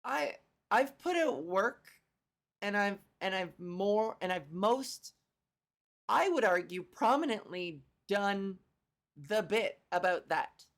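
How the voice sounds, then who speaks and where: A woman's voice: mid-range voice, animated, slow pace. A woman hosting her own solo comedy podcast, talking casually from home into a microphone, rambling, self-deprecating and swearing freely. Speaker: podcast host and stand-up comedian.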